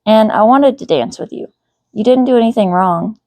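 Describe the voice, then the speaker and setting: A woman's voice: a little high, normal speed, a little mellow, no room sound, pitched above the performer's own voice, natural voice. A woman voicing a shy teenage boy who talks hesitantly and gets flustered.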